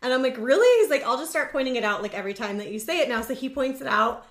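A woman's voice: on the high side, very fast, a bit bright. A young woman with a Californian accent, chatting casually as a podcast co-host and using lots of filler words. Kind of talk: casual chat. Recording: roomy echo.

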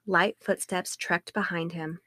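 Lower-voiced woman narrating true crime. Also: measured pace, no room sound, clean studio sound. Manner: calm, even narration. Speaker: podcast co-host. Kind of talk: reading a true-crime book excerpt aloud.

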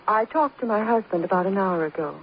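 Old-time radio drama. A woman plays a wronged wife, quiet and coldly controlled, with a menacing edge. The sound is a dull, muffled broadcast with light hiss. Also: medium pitch, expressive, close to an everyday voice. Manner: quiet, measured and icy. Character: grieving wife of an accused man, coldly vengeful. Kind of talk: 1940s radio acting.

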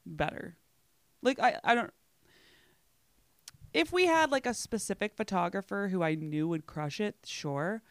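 A woman in her thirties co-hosts a podcast in a middle-pitched voice. She chats casually and drops wry, laughing asides. The sound is dry and close. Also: expressive, a little slow, long pauses, dry recording. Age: 30s. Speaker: podcast co-host. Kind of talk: casual chat.

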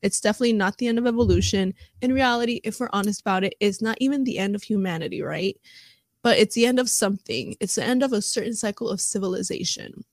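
A woman's voice: medium pitch, fast, no room sound, clean studio sound. A woman streaming live, reading an article aloud and chatting about it with frequent laughs and fillers. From United States. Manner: chatty and giggly, laughs often, many fillers.

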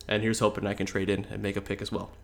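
A man's voice: fairly low pitch, flat delivery, rapid-fire, gravelly. A young man hosting a casual sports podcast, congested with a cold and talking in loose, filler-heavy sentences. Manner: chatty, many fillers and restarts. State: stuffy nose from a cold. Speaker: podcast host.

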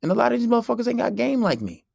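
Gravelly brash man ranting on a podcast. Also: very high voice, sing-song, racing, darkish tone, no room sound, studio quality. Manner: brash, profane and preachy. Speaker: podcast host. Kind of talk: solo podcast rant.

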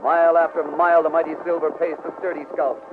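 A man's voice: fairly high pitch, flat delivery, quick pace. Stirring old-time radio narrator, man. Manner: stirring, declamatory. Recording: tinny old radio with music.

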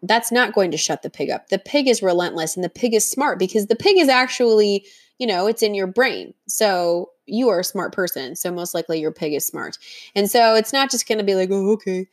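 A woman's voice: mid-range voice, lively intonation, a little fast. Firm, earnest woman coaching on dieting. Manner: earnest, firm and encouraging, acts out inner voices. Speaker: diet coach. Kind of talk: motivational teaching monologue.

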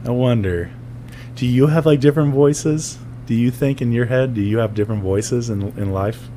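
A man's voice: medium pitch, normal speed, mellow, a little hiss or hum. A man co-hosting a podcast in casual chat, laughing often and acting out voices as he tells stories. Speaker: podcast co-host.

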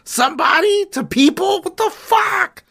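A podcast co-host voicing a furious male Roman general who shouts and swears in disbelief, played for laughs. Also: animated, unhurried, gravelly, exaggerated voice. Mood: outraged. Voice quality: high, yelling, incredulous, swearing. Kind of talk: comedic skit voice.

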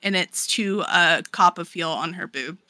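A woman's voice: fairly low pitch, measured pace, sharp tone, no room sound. A woman co-hosting a podcast, recapping a story in casual chat, swearing freely and saying "like" often. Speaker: podcast co-host.

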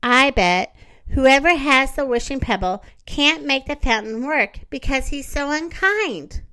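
A woman voicing a kind, cheerful girl rag doll, gentle and hopeful in a storybook reading. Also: high voice, animated, measured pace, full character voice.

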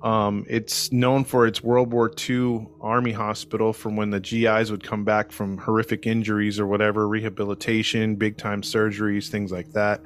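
On a podcast, a man tells a story in a relaxed, joking, conversational style, stalling on ums and restarting sentences. His voice is fairly low, with little pitch movement.

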